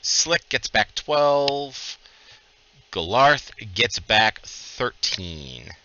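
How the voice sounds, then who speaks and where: Bright-voiced joking game master. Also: male voice, medium pitch, sing-song, highs cut off. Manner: casual, joking, brisk instructions. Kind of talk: narrating a livestreamed tabletop game.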